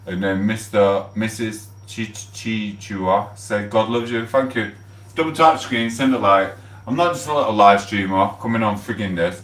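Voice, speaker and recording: A man with a Sheffield accent, chatting casually on a live stream, rambling and swearing with loud outbursts. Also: lowish voice, normal speed, roomy sound, recorded from a distance. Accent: Sheffield, South Yorkshire. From England.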